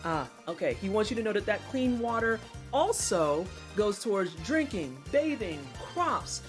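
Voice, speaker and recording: A woman's voice: medium pitch, very animated, soft background music. A woman live-streaming a game, and her voice swings widely up and down as she reacts. She trash-talks her opponents playfully, swears at every setback and keeps up casual running commentary. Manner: loud, playful trash talk; quick reactions, frequent swearing.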